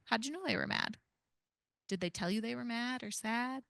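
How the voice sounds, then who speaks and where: Bright, crisp-voiced woman leading a workshop. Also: fairly high pitch, brisk, no echo, clean studio sound. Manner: lively, conversational, asks the audience many questions. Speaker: parent educator. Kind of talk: workshop talk to foster parents.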